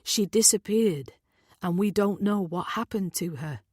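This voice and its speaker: A woman's voice: mid-range voice, measured pace, a little mellow, dry recording, clean studio sound, natural voice. A woman reading the part of a worried man searching for his missing sister, speaking earnestly and apologetically.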